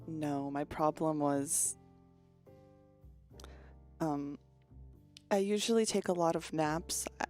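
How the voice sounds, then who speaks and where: A woman streamer chatting casually with her viewers, with a deadpan delivery. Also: deep voice. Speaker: VTuber streamer. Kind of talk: casual chat.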